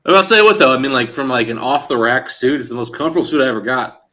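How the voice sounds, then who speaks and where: Bright-voiced man telling a story. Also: medium pitch, fast. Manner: animated storyteller quoting others in dialogue; frequent fillers like "like" and "he goes". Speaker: show host. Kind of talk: casual chat.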